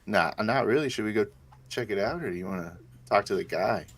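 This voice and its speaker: Playful man with a lively voice. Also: on the low side, fairly quick, slightly rough. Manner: playful, laughs often, mimics beeps. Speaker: player. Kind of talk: casual tabletop role-play.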